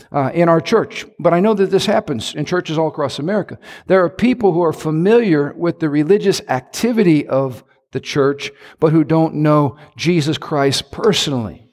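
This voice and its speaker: A man preaching a sermon in a church, telling a story with lively acted-out quotes. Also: on the high side, in a large hall. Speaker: pastor. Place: church sanctuary.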